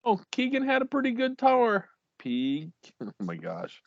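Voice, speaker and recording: A man's voice: very high-pitched, huge pitch swings, measured pace, no echo, highs cut off. A man co-hosting a casual podcast, reading out league champions while stumbling over names and laughing at himself.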